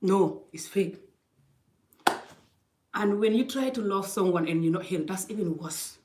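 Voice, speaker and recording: A woman's voice: medium pitch, animated, measured pace, darkish tone, slight background noise. A middle-aged woman talking into her phone, giving life advice in an emphatic, casual way. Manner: emphatic, acts out quoted exchanges. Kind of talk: casual motivational talk. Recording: roomy echo.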